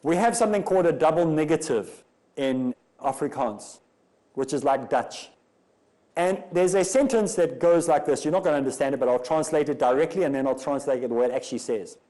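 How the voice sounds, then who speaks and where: A man's voice: fairly high pitch, brisk, mellow, low-quality recording. A man from Africa, giving a religious lecture and arguing through rhetorical questions. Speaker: Islamic lecturer.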